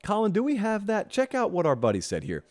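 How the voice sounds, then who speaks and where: A man's voice: sits high, wildly swooping pitch, fast, darkish tone. A man hosting a college football talk show, delivering an emphatic, opinionated monologue with sarcastic asides.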